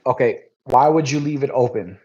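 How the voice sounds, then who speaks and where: A man in a casual podcast conversation, thinking out loud. He speaks hesitantly, and his sentences often trail off into quiet. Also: medium pitch, normal speed, dull audio. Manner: thoughtful, hesitant, trailing off softly. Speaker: podcast co-host.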